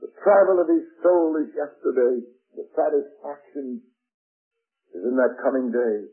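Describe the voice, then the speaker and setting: A man's voice: medium pitch, a little slow, breathy edge. A man preaching a sermon in an emphatic, rising and falling cadence, addressing his listeners as friends. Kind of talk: radio sermon. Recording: tinny old radio broadcast.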